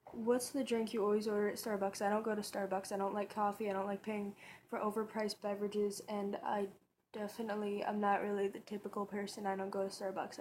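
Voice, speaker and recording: This tag video features a woman vlogger in her bedroom with a medium-pitched, darkish voice, chatting in a rambling way with many fillers and restarts. A little hiss or hum sits underneath.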